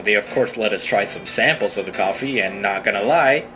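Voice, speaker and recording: A man's voice: on the low side, fairly quick, music in the background. A man in his thirties giving wry, self-mocking scripted comic narration of his own story. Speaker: animated storyteller. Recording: noisy played-back video clip.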